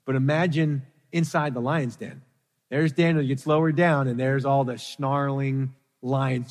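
A man preaching a sermon, telling a story dramatically with rising emphasis. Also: medium pitch. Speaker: pastor. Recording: long hall reverb.

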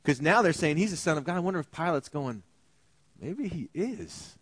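A male pastor delivering an animated sermon, acting out biblical characters in shifting voices. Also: a little high, fast talker, no room sound.

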